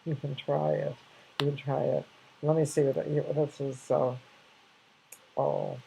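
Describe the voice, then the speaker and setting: A woman's voice: low-pitched, level tone, a little slow, vocal fry, dark tone, slight background noise, poor audio. An older woman casually sharing reflective anecdotes, rambling with many restarts and fillers.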